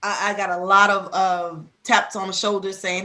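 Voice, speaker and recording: A woman with a hoarse voice chats casually with friends on a podcast. She tells stories with a lot of animation and slips into other people's voices as she acts out what they said. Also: medium pitch, very animated, normal speed, bright, forceful tone, a little hiss or hum. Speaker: podcast co-host. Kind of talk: casual chat among friends.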